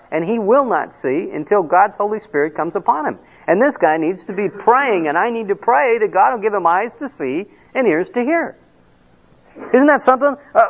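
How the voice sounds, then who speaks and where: A middle-aged male pastor preaches in a high, very lively voice. He acts out quoted conversations and drops asides. The sound is tinny, like a phone line. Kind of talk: sermon.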